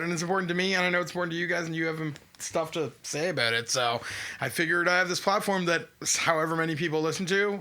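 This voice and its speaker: A man hosting a casual podcast chat, talkative and swearing freely with lively swings in pitch. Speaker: podcast host.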